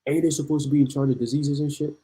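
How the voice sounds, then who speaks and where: A man's voice: a little high, level tone, racing, warm tone, rough recording. A man preaching in heated commentary on the news, reading articles aloud and then ranting. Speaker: online preacher.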